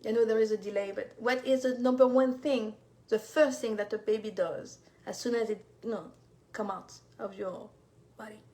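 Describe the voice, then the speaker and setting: A woman's voice: a little high, fairly even intonation, normal speed. Woman coaching viewers live. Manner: warm encouraging, speaks to viewers directly, many fillers. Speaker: fertility coach. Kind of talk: live-stream teaching.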